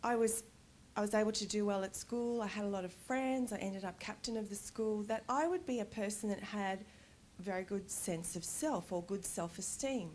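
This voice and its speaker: A middle-aged woman giving a conference talk, telling personal stories in a candid, animated way and laughing often. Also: medium pitch, normal speed, slight background noise. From Australia. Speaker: conference speaker. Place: conference stage.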